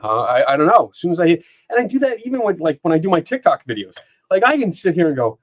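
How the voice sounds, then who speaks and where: A man's voice: fairly high pitch, big pitch swings, fast talker, hardly any pauses, dry recording. Chatty man hosting a live stream. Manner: rambling, chatty, laughs often, reads chat aloud. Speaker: podcast host. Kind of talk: casual live-stream chat. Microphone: dynamic microphone.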